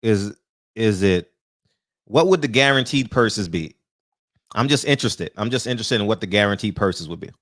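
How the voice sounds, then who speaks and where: A man's voice: on the low side, expressive, normal speed, a bit bright, no echo, clean studio sound. A man, hosting a live-streamed boxing talk show, greeting viewers by name in loose, casual chat, swearing easily and laughing often. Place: small room.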